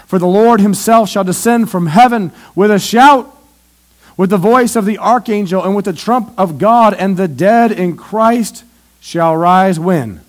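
High-voiced man preaching a sermon. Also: measured pace. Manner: emphatic, swings from loud to hushed, asks and answers questions. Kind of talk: evangelistic sermon. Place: church.

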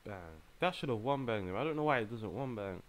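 A young gaming channel host gives a fast, casual running commentary while playing a mobile game, in a mid-range voice. He reacts in an exasperated, excitable way and uses lots of slang.

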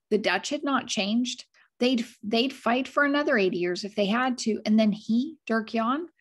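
Husky-voiced woman reading a story aloud. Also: fairly high pitch. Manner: chatty, breaks off to explain and show pictures. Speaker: storyteller reading a chapter book to children. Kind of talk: read-aloud storytelling with asides to listeners.

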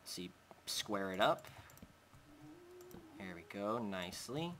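A man's voice: fairly low pitch, lively intonation, slow, noisy background. A young man hosting a Minecraft let's play, chatting casually as he builds and talking to his in-game pet. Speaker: gaming channel host.

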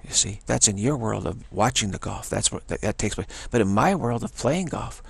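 Gravelly low-voiced man giving a pep talk. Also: lively intonation, normal speed, no echo. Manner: emphatic, repeats phrases for stress. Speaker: teacher of a self-development practice. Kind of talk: motivational talk.

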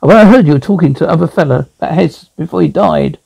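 A calm small-town police chief, as a man plays him asks folksy, probing questions. The voice is gravelly and dark with a slightly raised pitch, in a one-man radio drama. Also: fast talker, exaggerated voice.

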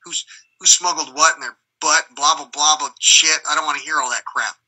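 A man's voice: fairly high pitch, steady tone, brisk, low-quality recording. A man telling rambling, profane stories in a casual live conversation, often acting out other people's voices. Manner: acts out quoted voices loudly.

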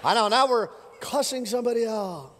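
A man preaching an energetic, joking sermon to a congregation, his voice worn thin from preaching many services, swinging between loud jabs and quiet asides. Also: on the high side, moderate pace. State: losing his voice. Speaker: pastor. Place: church auditorium with live congregation. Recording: long hall reverb.

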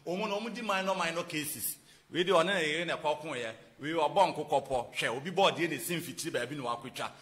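A man from Ghana giving a spoken lesson to viewers, emphatic and rhetorical, swinging between loud stressed points and hushed asides. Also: on the high side, a little fast. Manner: rhetorical, asks and answers his own questions. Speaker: church presenter teaching about prisons.

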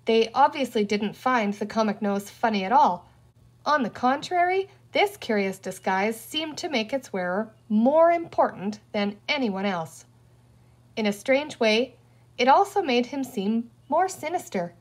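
A woman reading a children's storybook aloud in a clear, deliberate manner. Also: fairly high pitch, animated. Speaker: audiobook reader. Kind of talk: storybook narration read aloud.

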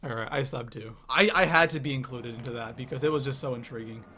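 A young man from Canada hosting a live game stream, excitedly reading the chat out loud. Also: mid-range voice, fast.

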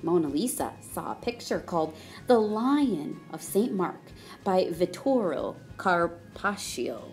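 A woman reading a children's story aloud in a slow, expressive way. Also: lowish voice, soft background music. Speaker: storybook reader.

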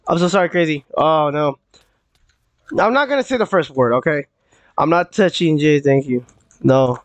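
A young man chats his way through a live game stream, stumbling over his words and circling back with lots of "like" and "uh." His voice sits a touch high for a man. The sound is close and dry, with no room around it. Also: animated, normal speed, dry recording. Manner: rambling, repeats himself, many fillers and restarts. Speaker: gaming streamer. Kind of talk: casual live-stream chat while gaming.

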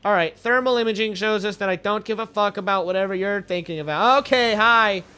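A young man casually commentating a video game, joking and swearing, with sudden goofy shouts. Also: sits high, brisk, clear, resonant tone. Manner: joking, profane, playful bursts of goofy shouting. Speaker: let's play gamer.

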